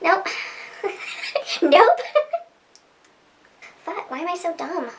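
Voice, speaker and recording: A woman's voice: extremely high pitch, expressive, very slow. Giggly rambling woman, roomy distant sound. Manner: rambling, giggly, self-deprecating. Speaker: vlogger. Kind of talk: casual chat to camera. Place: sitting at a desk at home under lights.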